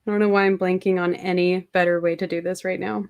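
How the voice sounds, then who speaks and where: A woman's voice: lowish voice, little pitch movement, fast talker, lo-fi sound. A young woman chatting casually with her viewers on a livestream from home, rambling and talking to them by name. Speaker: livestream host.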